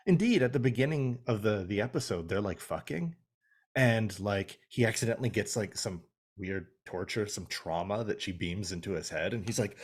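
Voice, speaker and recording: A man's voice: on the low side, lively intonation, moderate pace, breathy edge. A young man co-hosting a podcast, recapping a TV episode in casual chat, swearing and acting out the characters' lines. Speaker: podcast co-host.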